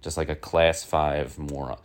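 A man's voice: rumbling low, level tone, a little slow. A man hosting a one-man comic news show, rambling with lots of fillers and sliding into irritable rants. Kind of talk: casual rambling comic monologue.

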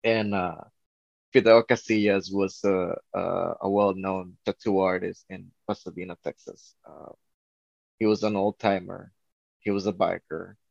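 A man's voice: deep voice, steady tone, a little slow, creaky, darkish tone, dry recording. A man who works as a tattoo artist, guest on a podcast, telling a long story in a rambling way full of "you know, like". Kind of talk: casual storytelling. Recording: dull lo-fi.

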